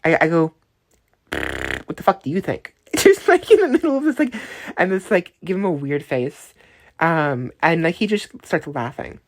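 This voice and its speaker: A woman with a notably low, deep-set voice talks through a dream in a casual, unscripted voice memo. She rambles, doubles back on her words and keeps checking in with the listener. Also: sing-song, normal speed. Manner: rambling, many restarts and tag questions. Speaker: dream storyteller.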